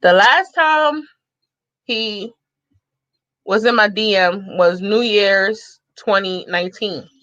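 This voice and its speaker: A woman, telling a sassy, animated story to her viewers and laughing often. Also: medium pitch, slow, long pauses, no echo, highs cut off. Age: 30s. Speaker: vlogger.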